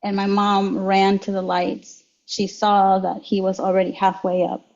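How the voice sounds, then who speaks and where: A young adult woman shares her life story as an interview guest, moving slowly and reflectively and often restarting her sentences. Her voice is mellow and stays fairly level in pitch. The recording sounds slightly dull and lo-fi. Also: flat delivery, gravelly. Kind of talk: personal testimony in an interview.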